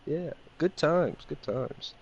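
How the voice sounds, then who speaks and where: A man co-hosting a podcast, telling a long profane party story in a loose, animated way. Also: a little high, dull audio, a little hiss or hum. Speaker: podcast co-host. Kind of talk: casual storytelling chat.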